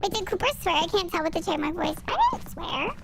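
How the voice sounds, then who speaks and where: A woman's voice: very high voice, quick pace, noisy background, pitched above the performer's own voice. A woman streamer talking through a chipmunk voice changer, chatty and playful.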